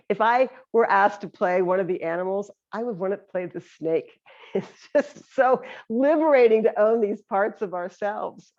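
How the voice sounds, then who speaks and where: A woman meditation teacher giving a gentle, reflective talk on compassionate listening. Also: medium pitch, moderate pace. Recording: slightly dull lo-fi sound.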